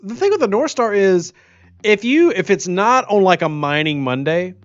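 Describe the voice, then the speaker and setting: Hosting a relaxed gaming stream, a Louisiana man with a soft Southern accent banters, teases, and reads out comments from his chat. His high voice is animated and moves at an ordinary speed. The audio sounds dull, though there's no echo.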